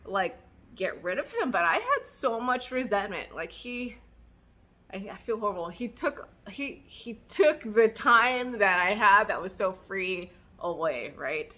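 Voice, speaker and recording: A woman speaks in a casual vlog with a bright, slightly tense voice. She tells her story candidly and emotionally, filling it with "like" and little self-mocking laughs. Now and then she acts out what she once said. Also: mid-range voice, a little slow. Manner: animated, acting out her own past words. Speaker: vlogger sharing her story.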